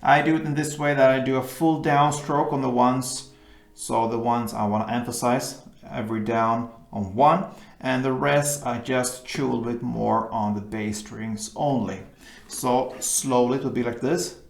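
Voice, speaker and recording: A man's voice: medium pitch, steady tone, moderate pace, creaky, roomy sound. A man teaching an acoustic guitar lesson, walking patiently through chords step by step.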